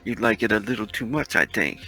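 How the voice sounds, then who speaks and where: A man plays a tabletop game with short, joking remarks. His voice sounds strikingly sharp and bright with a gravelly edge, and sits fairly low. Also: lively intonation, brisk, soft background music. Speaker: player. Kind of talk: casual tabletop game play.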